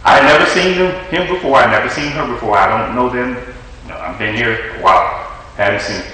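A man's voice: mid-range voice, a little fast, pushed and bright. A man preaching conversationally, telling a story and acting out the quotes. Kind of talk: storytelling sermon. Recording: echoey hall from far off, faint noise.

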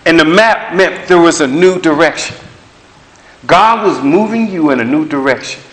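A man's voice: fairly high pitch, normal speed, a bit bright. A man preaching a sermon, emphatic and conversational, repeating phrases to drive points home. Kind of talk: sermon with prophetic words. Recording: echoey room.

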